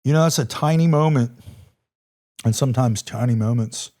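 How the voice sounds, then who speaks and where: A man's voice: medium pitch, normal speed, warm tone. Intense, emphatic male storyteller. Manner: intense, emphatic, repeats phrases, swears freely. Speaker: podcast guest, former Army Ranger. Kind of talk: storytelling in a podcast interview.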